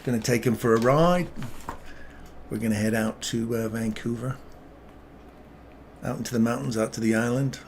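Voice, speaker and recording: A man putting on a jokey British accent as a cheeky bloke, with slangy, bantering talk and a gravelly voice. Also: medium pitch, normal speed, long pauses, a little hiss or hum, close to an everyday voice.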